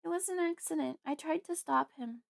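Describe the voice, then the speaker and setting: A woman's voice: high-pitched, moderate pace, gravelly, dry recording, clean studio sound, pitched above the performer's own voice. A woman voicing a frightened five-year-old girl who pleads through tears in an audiobook. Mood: tearful. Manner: tearful, pleading. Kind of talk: audiobook character voice.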